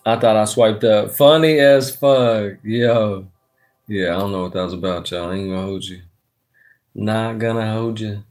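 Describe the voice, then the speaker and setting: A man's voice: fairly low pitch, moderate pace, darkish tone. A man hosting a tarot-reading livestream into his phone's front camera late at night, chatting casually, swearing freely and reading out viewer comments. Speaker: tarot reader hosting a live stream.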